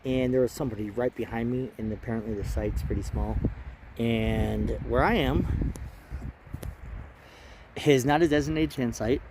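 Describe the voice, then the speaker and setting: Heavy background noise surrounds this medium-pitched man, who speaks at normal speed but leaves long pauses. An Alaskan on a hike, he's vlogging at a mountain campsite with a handheld camera, tired, chatty, rambling, and prone to cutting himself off in casual narration.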